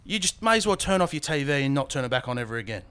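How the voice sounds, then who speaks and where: A man's voice: mid-range voice, sing-song, rapid-fire, a bit bright, clean tone. A young man with an Australian accent co-hosting a podcast, ranting casually and swearing freely. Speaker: podcast co-host.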